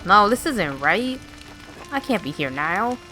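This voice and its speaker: A woman's voice: medium pitch, big pitch swings, takes it slowly, bright, forceful tone, heavily acted, poor audio. A woman reading the lines of an anxious, haunted male artist in a story game, over game music. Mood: pleading.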